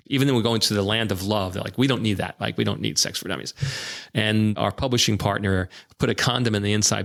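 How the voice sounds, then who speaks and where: Brief: low, gravelly man, an animated interview storyteller. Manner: animated anecdotes with quoted dialogue. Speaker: guest, publishing executive.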